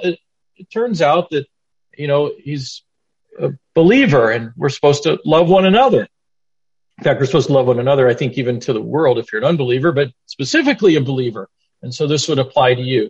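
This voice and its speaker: A man's voice: on the high side, slightly rough. An older man giving a plainspoken, earnest sermon to men in a conversational way. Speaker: lay preacher teaching men. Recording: dull lo-fi recording.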